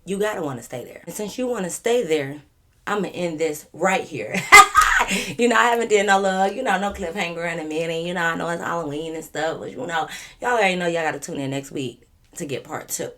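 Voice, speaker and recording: Low-voiced playful woman telling a story. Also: quick pace, slight background noise. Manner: playful, animated, slangy, acts out quotes. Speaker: storytime vlogger. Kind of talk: casual storytelling to viewers.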